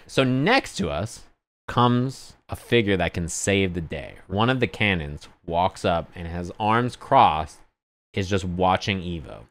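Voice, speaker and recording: A man telling a lively anecdote on his stream in casual chat, sometimes acting out other people yelling. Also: moderate pace. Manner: animated anecdote, acts out others yelling in high pitch.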